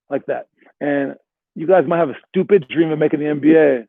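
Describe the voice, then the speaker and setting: A man's voice: on the high side, fairly even intonation, fast talker, vocal fry, no room sound. A man coaching basketball players, giving a rambling motivational talk full of "all right" and "like" before walking them through a drill. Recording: dry, tinny phone-like sound.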